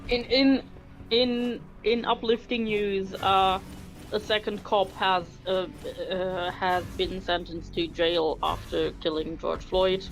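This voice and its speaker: A woman's voice: medium pitch, fairly even intonation, takes it slowly, faint music behind, low-quality recording. A woman student chatting casually, telling a story in a wry tone. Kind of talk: casual chat.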